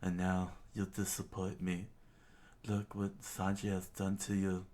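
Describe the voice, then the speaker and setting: A man's voice: low voice, completely flat delivery, measured pace, a little mellow. A man voicing a furious, domineering pirate captain in a stern, scolding way.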